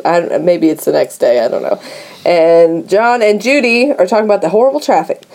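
A woman's voice: lowish voice, normal speed, a little mellow. A woman co-hosting a podcast, chattily recapping movie scenes with a laugh. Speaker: podcast co-host. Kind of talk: casual movie recap chat.

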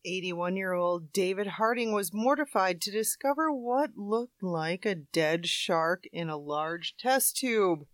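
A woman's voice: medium pitch, slow, few pauses, no echo, studio quality. A woman co-hosting a comic show, reading out odd news items. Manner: reads quirky stories, laughs along. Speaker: co-host. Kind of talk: reading news stories aloud.

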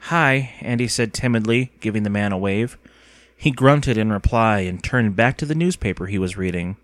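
A man reading a story aloud as an audiobook narrator, with expressive storytelling. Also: on the low side, normal speed, dry recording. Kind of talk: scripted narration.

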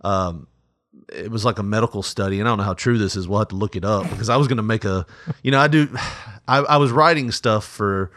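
A man's voice: fairly low pitch, quick pace, fairly bright tone, no echo, studio quality. A man co-hosting a casual podcast, joking crudely, laughing often and rambling through his stories. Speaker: podcast co-host.

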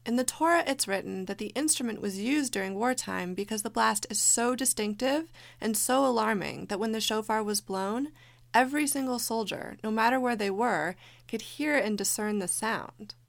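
A woman's voice: fairly high pitch, normal speed, creaky, no echo. A woman co-hosting a podcast, narrating a documentary story in a descriptive, storytelling way. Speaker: podcast co-host.

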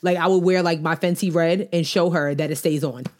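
Playful low-voiced woman co-host. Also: fairly even intonation, darkish tone. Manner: playful, teasing, drawn-out emphasis. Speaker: podcast co-host. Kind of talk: casual chat.

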